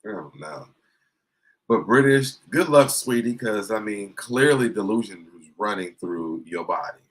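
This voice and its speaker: Lower-voiced man giving gossipy commentary. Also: animated, measured pace, low-quality recording. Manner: gossipy, sarcastic, chats to viewers. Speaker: livestream host. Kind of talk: casual commentary reacting to clips.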